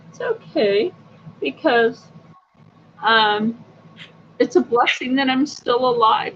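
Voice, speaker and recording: Slow gravelly-voiced woman telling stories. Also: mid-range voice, a bit bright. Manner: chatty, upbeat, rambling with fillers. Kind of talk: casual personal storytelling. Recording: dull lo-fi audio with faint noise.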